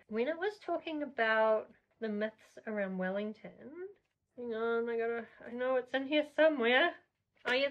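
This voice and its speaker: A woman's voice: medium pitch, highs cut off. A woman talking casually to camera about books she has read, chatty and self-deprecating, with frequent fillers. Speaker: book vlogger. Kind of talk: casual reading vlog.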